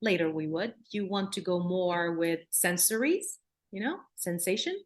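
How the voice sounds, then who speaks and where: A woman's voice: on the low side, lively intonation, moderate pace. Woman giving an earnest workshop lecture. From Palestine, raised in Jordan. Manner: earnest, repeats words, acts out gentle soothing phrases. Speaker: clinical psychologist presenter.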